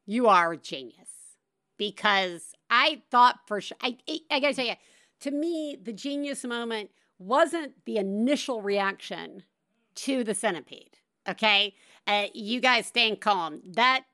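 A middle-aged woman hosts her podcast in a casual, storytelling way. She talks at an unhurried pace in a slightly high voice. She laughs often between her lines. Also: sharp tone. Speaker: podcast host.

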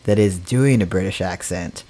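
A podcast co-host chatting casually with siblings, self-deprecating and quick to laugh. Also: low-pitched, mellow. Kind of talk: casual chat among siblings.

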